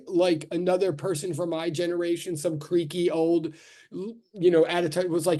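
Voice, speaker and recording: A man's voice: high voice, fairly quick, dark tone. A middle-aged male physics professor lecturing his class in a chatty, rambling way, full of fillers, restarts and asides.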